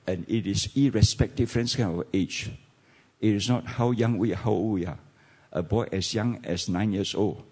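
Husky Malaysian English pastor preaching. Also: male voice, lowish voice, a little mellow. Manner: conversational preaching, frequent rhetorical questions. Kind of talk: sermon.

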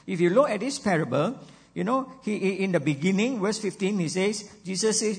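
A man's voice: high-pitched, expressive, normal speed, creaky, slightly rough. An older man, preaching a sermon in an earnest way, dropping "you know" and repeating words as he goes. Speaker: pastor. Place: church sanctuary. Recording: long reverb of a church hall.

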